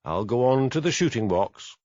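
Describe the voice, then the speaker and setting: A man voicing a shrewd, calm male police sergeant in an audiobook, asking probing questions. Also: mid-range voice, normal speed, no echo, lo-fi sound, close to an everyday voice.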